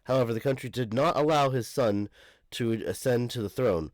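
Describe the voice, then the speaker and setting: A man's voice: medium pitch, moderate pace, no echo. Man, comic read-aloud, casual reactions, self-correcting, dry close-mic sound. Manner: casual, stumbles and corrects his reading. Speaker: manga reaction youtuber.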